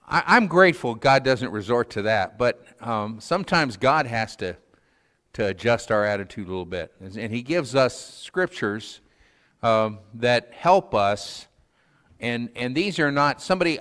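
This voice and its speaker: A man delivers a sermon in a relaxed, folksy way, tripping over his words with plenty of "uh"s and light chuckles. His voice sits at an ordinary middle pitch and carries a long church-hall reverb. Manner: folksy, self-deprecating, frequent fillers and chuckles. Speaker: preacher. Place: church sanctuary.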